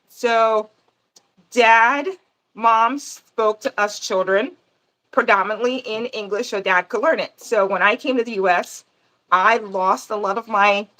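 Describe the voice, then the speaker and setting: A woman's voice: on the high side, sharp tone. A woman from Panama hosting a gardening channel, chatting casually on a livestream and answering viewer comments as she goes.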